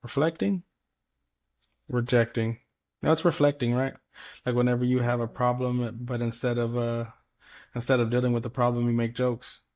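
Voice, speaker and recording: A man's voice: mid-range voice, flat delivery, normal speed, darkish tone. Laid-back man rambling in casual chat. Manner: rambling, loose, swears freely, fills with "like" and "you know". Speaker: podcast co-host.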